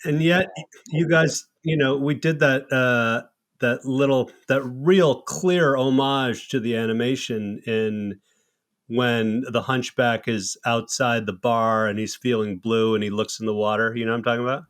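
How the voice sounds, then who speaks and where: A man's voice: medium pitch, fairly even intonation, a little slow, a bit bright. Loose, swearing storyteller man. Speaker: comedy filmmaker. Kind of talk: casual podcast conversation.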